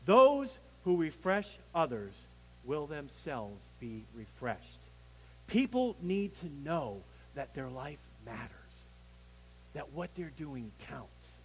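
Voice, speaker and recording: Animated preaching man in a reverberant hall. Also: on the high side, takes it slowly, slight background noise. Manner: preaching with emphatic swells and drops, some restarts. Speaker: pastor. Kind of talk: sermon.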